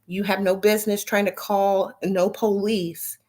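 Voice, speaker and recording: A woman's voice: medium pitch, flat delivery, measured pace, darkish tone. Woman on a blunt, profane rant. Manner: heated, blunt and profane, with rhetorical questions. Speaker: vlogger. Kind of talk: ranting monologue to camera.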